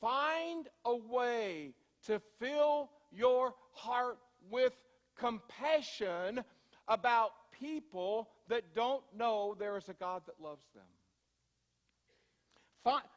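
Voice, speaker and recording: High-voiced pastor preaching in a church. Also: male voice, lively intonation, long reverb tail. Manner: conversational storytelling, shifting from slow emphasis to quick asides. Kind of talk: sermon. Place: church sanctuary.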